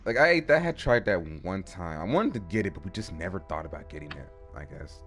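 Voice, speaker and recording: A man's voice: low-pitched, expressive, quick pace, a bit bright, soft background music. A man hosting a casual podcast chat, eating as he talks, laid-back and profane, with lots of trailing off and repeated words. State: eating, talking with his mouth full. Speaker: podcast host.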